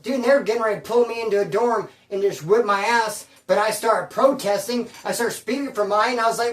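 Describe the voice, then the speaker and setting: A man's voice: high voice, a little fast, hardly any pauses, distant mic. A man telling a prison story in casual, profane slang, animatedly quoting the people in it. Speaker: storyteller recounting prison life. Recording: roomy, voice from afar.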